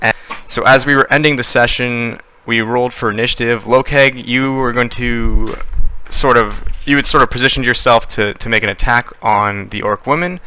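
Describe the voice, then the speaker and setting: A man's voice: medium pitch, moderate pace, pushed and bright, smooth. A young man running a tabletop game as game master, narrating with many fillers and restarts.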